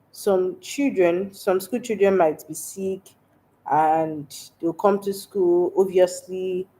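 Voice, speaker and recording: Reading comments in casual livestream chat, a young Nigerian host laughs often through a stuffy, congested voice caused by a cold. She speaks at a medium pitch with a dark tone.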